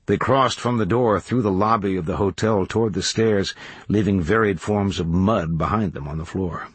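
A man reading a novel aloud as audiobook narrator, in measured, even storytelling. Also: low voice, breathy edge, dry recording. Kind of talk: scripted narration.

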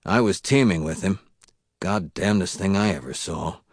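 A blunt, coarse-talking mill worker, as a man reads him, recounts things in folksy slang. The voice is low. The recording is dry and close. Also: normal speed, dry recording.

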